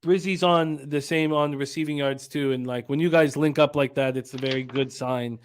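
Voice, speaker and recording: A man hosting a sports betting radio show, briskly reading out picks and comments from the chat. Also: mid-range voice, steady tone, smooth.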